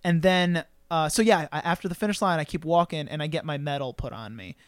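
A man's voice: a little high, fairly quick, clean tone, dry recording. A young man with a slightly raised voice shares a personal story on his podcast. He sounds earnest and emotional, stumbling into restarts and fillers. The sound is close and dry, with no room around it. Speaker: podcast host.

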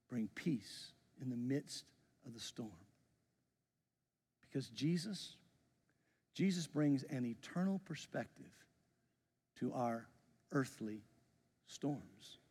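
A man's voice: medium pitch, expressive, slow pace, long pauses, husky. Man, pastor, forties, impassioned sermon, long hall reverb. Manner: impassioned, swelling then dropping to a hush. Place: church sanctuary.

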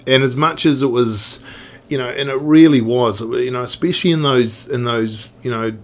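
A man's voice: mid-range voice, normal speed. A middle-aged man with a New Zealand accent, a guest telling stories in a casual podcast chat, rambling with lots of restarts and fillers. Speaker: guest, snowboard industry veteran.

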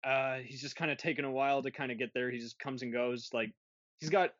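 With a steady, somewhat bright mid-range voice, a man hosts a casual podcast reviewing films at a brisk clip. He tends to ramble, cut himself off and start over, laughing a lot along the way. There's no room sound; the recording is dull, dry and lo-fi.

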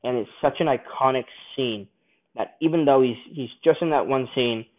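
A man's voice: mid-range voice, normal speed. A man casually reviewing a film, rambling and enthusiastic, often restarting his sentences. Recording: tinny phone-like sound.

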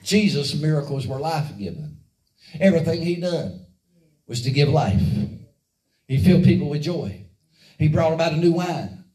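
At a church service, a man with a warm, animated voice on the high side preaches at a moderate pace with long pauses. He delivers a fervent, rhythmic call-and-response sermon, prompting the congregation to repeat after him, and the recording is distant and echoey.

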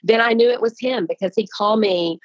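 A woman's voice: on the high side, brisk, no room sound, lo-fi sound. A woman guest speaking casually and earnestly about writing and releasing her book, with frequent restarts. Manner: earnest, animated, many restarts. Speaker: author and guest. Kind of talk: casual conversational storytelling.

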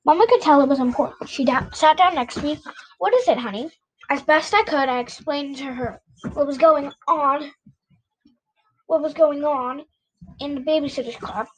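A woman with a high voice reads a children's novel aloud. Her reading is halting and unpolished, with frequent restarts and self-corrections. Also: a little hiss or hum, rough recording. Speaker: reader.

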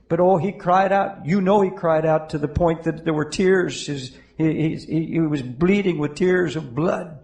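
Fervent high-voiced preaching man. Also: a little slow, rough recording. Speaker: pastor. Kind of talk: sermon with altar-call prayer. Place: church in front of a congregation.

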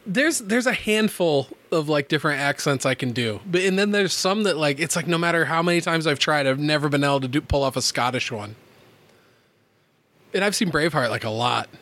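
Higher-voiced man co-hosting a podcast. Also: lively intonation, brisk, a bit bright. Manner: easygoing, laughs often, swears casually. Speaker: podcast co-host. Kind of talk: casual podcast chat.

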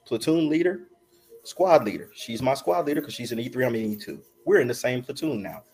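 A man's voice: mid-range voice, animated, brisk, darkish tone, soft background music. A middle-aged man, a podcast guest, telling a long personal story in casual chat, laughing often and acting out what people said.

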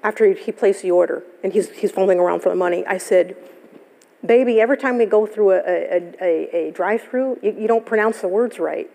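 Gravelly-voiced woman pastor preaching. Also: medium pitch, brisk, warm tone. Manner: storytelling, conversational, laughs often. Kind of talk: sermon. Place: church sanctuary. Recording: live church service, long hall reverb.

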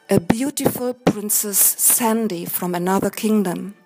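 A woman reading a fairy tale aloud in a slow, careful storytelling manner. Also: mid-range voice, a little mellow, husky, low-quality recording. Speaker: narrator.

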